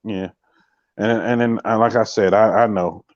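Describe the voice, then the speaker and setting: A man's voice: on the low side, steady tone, moderate pace, no room sound, dull audio. A man hosting a live podcast in a casual chat, speaking emphatically and straight to his viewers, and often repeating his catchphrases. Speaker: podcast host.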